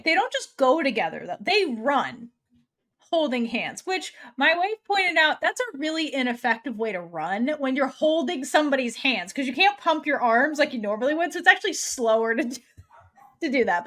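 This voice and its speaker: A young adult woman with a high, sing-song, slightly bright voice speaks at a moderate pace while co-hosting a podcast. She recaps an episode in casual chat, acting out the characters' lines with swearing and laughter.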